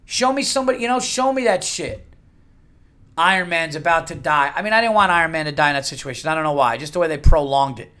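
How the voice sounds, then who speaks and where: A man's voice: a little high, lively intonation, fast, bright, forceful tone. A middle-aged man hosting a casual solo podcast, talking bluntly and profanely and rambling through restarts. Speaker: podcast host.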